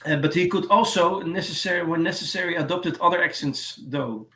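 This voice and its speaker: A man's voice: on the high side, a little fast, sharp tone. Hesitant man in an echoey room. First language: Dutch. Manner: hesitant, many fillers, reads notes. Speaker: host. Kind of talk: casual livestream chat. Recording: echoey room with faint noise.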